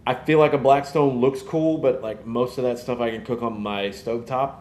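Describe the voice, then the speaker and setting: A man, hosting a casual live podcast and rambling in an animated way. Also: medium pitch, moderate pace, reverberant. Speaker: podcast host. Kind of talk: casual live-stream chat.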